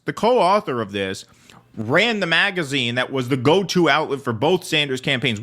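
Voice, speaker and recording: A man's voice: fairly high pitch, sharp tone. A man co-hosting a political podcast who rants in an exasperated, sarcastic way. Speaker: podcast co-host. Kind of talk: political commentary chat.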